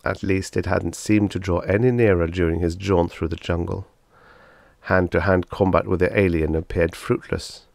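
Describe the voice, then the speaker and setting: A man narrating a science fiction short story in a measured, steady reading. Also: low-pitched, gravelly, no echo, studio quality. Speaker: audiobook narrator.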